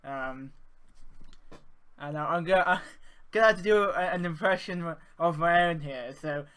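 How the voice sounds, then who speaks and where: Male tutor, bright and crisp, casual and hesitant, filler-heavy. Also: on the high side, moderate pace. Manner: informal, hesitant, many fillers. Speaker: arts facilitator teaching audio effects. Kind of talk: screen-share software tutorial.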